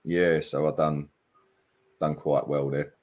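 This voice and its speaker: Deep-voiced middle-aged man, hesitant. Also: little pitch movement, slow pace, darkish tone. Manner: hesitant, self-deprecating, many ums. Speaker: former footballer guest. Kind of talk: casual interview chat.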